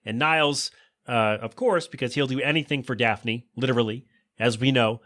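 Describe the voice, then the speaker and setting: A man hosting a podcast, recapping a sitcom episode in a casual, joking way and quickly voicing the characters' lines. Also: medium pitch, a bit bright. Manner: chatty, joking asides, quick quoted voices of characters. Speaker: podcast host.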